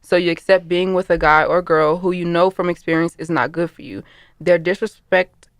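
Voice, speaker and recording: A young woman co-hosting a casual chat, measured and agreeable, reasoning things through and reading out listener questions. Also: fairly low pitch, fairly even intonation, no echo, clean studio sound.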